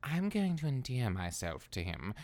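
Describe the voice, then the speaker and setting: A man's voice: medium pitch, wildly swooping pitch, moderate pace, darkish tone. An actor playing a scheming young man who leads a skeleton revolt, talking sarcastically and breaking into staccato laughs. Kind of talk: comedy voice acting.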